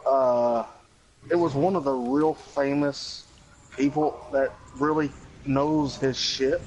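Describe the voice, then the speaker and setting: A man's voice: medium pitch, darkish tone, a little hiss or hum, low-quality recording. A man chatting with a friend on a gaming stream, with blunt and profane banter. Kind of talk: casual chat while gaming.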